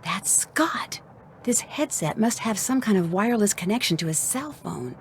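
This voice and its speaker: A woman's voice: medium pitch, lively intonation, normal speed, a little hiss or hum, close to an everyday voice. An actress voicing a curious young woman detective in a video game, thinking aloud as she investigates.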